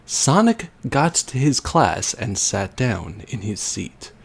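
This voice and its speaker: Young streamer guy reading fanfic out loud, lots of swoopy ups and downs, keeps cracking up. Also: medium pitch, sing-song, slow pace, gravelly, breathy edge. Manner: breaks into laughter and wry asides while reading. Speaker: livestreamer reading for a charity stream. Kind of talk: comedic dramatic reading of a fan story.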